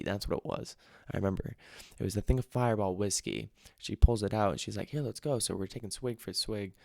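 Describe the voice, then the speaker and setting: A man's voice: fairly low pitch, creaky, no echo, clean studio sound. Young man rambling through a party story. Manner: rambling, animated, swears freely. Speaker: podcast host. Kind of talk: comedic storytelling. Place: home room.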